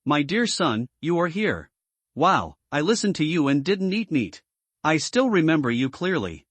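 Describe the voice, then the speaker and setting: A man's voice: a little high, sing-song, unhurried, a bit bright, slightly rough, no room sound, exaggerated voice. A man voicing the ghost of a grieving mother who pleads anxiously for her son. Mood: relieved.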